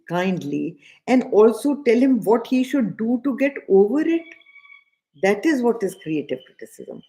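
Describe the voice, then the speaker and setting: Slow, mellow Indian woman teaching scripture. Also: mid-range voice. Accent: Indian English. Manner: slow, deliberate, repeats key phrases; chants verses slowly. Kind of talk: spiritual discourse lecture.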